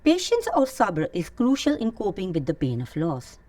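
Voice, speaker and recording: Low-voiced woman teaching faith. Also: huge pitch swings, normal speed, dark tone, no echo. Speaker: host of an Islamic teaching channel. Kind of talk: scripted religious teaching narration.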